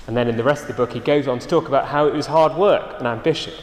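Earnest preacher in an echoey hall. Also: male voice, fast. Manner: earnest, emphatic, drops to soft low endings. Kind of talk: sermon.

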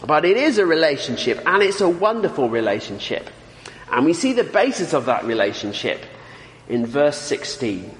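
Lively preacher man in an echoey hall. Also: a little high. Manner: emphatic, asks listeners rhetorical questions. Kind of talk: sermon. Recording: echoey hall with long reverb.

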